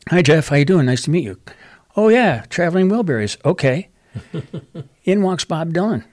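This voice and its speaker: A middle-aged man telling stories as a radio guest, animated, with restarts and a voice that jumps up when he gets excited. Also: moderate pace, no echo, clean studio sound. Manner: animated anecdotal storyteller, restarts, rises in pitch when excited. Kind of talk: casual storytelling chat.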